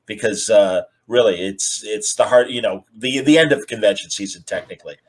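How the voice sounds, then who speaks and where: A man's voice: on the low side, brisk, husky, low-quality recording. Rambling friendly male host. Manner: friendly, rambling, lots of fillers. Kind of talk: casual interview chat. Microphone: video call.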